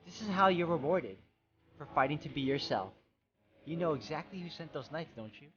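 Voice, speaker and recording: A man's voice: a little high, fairly quick, natural voice. A man doing a scornful, tempting witch spirit. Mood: taunting. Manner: quiet, taunting, insinuating. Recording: slightly dull, muffled sound.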